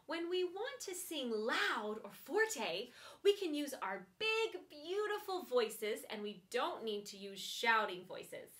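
A young adult woman hosting a preschool music lesson, gentle and sing-song as she addresses toddlers. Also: high voice, big pitch swings, slow. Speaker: children's music teacher.

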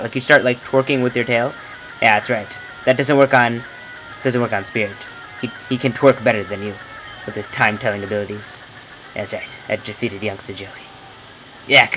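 A young man comments on his video game playthrough at a moderate pace, joking and trash-talking the on-screen characters with lively swings of pitch. The audio is poor, with faint music behind him.

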